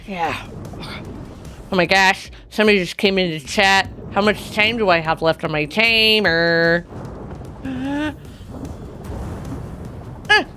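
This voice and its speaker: A woman's voice: mid-range voice, bright, forceful tone. A woman streaming a video game, commenting live and often exclaiming and squealing as she plays.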